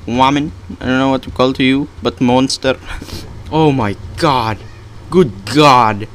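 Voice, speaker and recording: A man's voice: mid-range voice, measured pace, a little hiss or hum. Panicky young man narrating his gameplay. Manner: panicky, exclaiming, laughing often. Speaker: gaming channel host. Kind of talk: live gameplay commentary.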